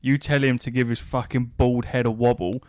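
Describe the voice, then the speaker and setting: A podcast host spins a casual anecdote, cursing freely as he acts out both sides of a conversation. His voice sits at an ordinary middle pitch for a man. The sound is dry and close, with no room around it. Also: level tone, moderate pace, darkish tone, clear, resonant tone, no room sound. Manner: swears freely, relays a story with quoted back-and-forth dialogue. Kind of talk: casual storytelling chat.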